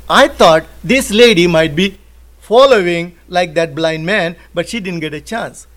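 A man leading a Bible study in an animated way, acting out the quotes with sudden swings in loudness and some nonstandard grammar. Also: high voice, measured pace. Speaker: Bible teacher.

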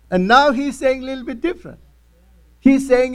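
A man's voice: extremely high pitch, steady tone, moderate pace, smooth. A man teaching through a Bible passage verse by verse, retelling the verses in his own plain words. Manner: retells scripture in first person, in simple plain English.

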